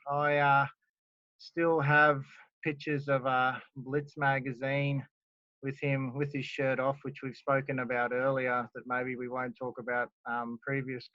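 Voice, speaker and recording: A man's voice: medium pitch, no echo. Queensland Australian man in his forties, easygoing host, dull dry sound from a backyard. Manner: chatty, laughing, filler-heavy. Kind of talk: casual interview chat. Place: backyard, outdoors.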